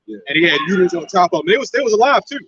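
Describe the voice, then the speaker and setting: A man's voice: high voice, very animated, rapid-fire, fairly bright tone, husky, dry recording. A man talking casually and heatedly in a group conversation, rambling and laughing often. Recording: dull lo-fi audio.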